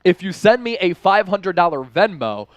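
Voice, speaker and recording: A man hosts a live sports show with high, bright energy. His voice is smooth and resonant. He reads chat names and cities rapidly, with a dry, close mic sound. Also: no echo. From from the Philadelphia area. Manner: energetic, shouts out viewers by name. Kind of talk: live-stream sports talk reading chat.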